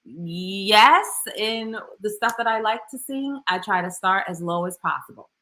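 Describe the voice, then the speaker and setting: A female vocal coach works through viewer comments during a casual livestream Q&A, keeping a measured pace. She's chatty and animated, dropping slangy asides and playfully leaping into a much higher voice.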